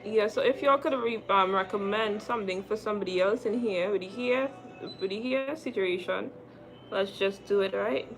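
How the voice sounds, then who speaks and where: A woman's voice: mid-range voice, moderate pace, soft background music. A woman in her twenties chatting casually with viewers during a live makeup stream, describing each step as she works. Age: 20s. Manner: chatty, addresses viewers directly while applying makeup. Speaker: makeup vlogger.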